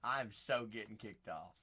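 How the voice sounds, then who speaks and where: A man hosting a live card break, excitable and joking, breaking into sudden shouts, tired after a long stream. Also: lowish voice, slow pace, breathy edge. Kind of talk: live-stream commentary while opening packs.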